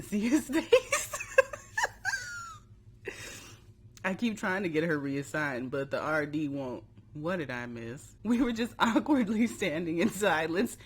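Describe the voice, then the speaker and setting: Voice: medium pitch, fairly bright tone, slight background noise. A YouTuber casually reading their own old story aloud and mocking it, laughing often and breaking off mid-line. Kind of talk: casual commentary on a story game.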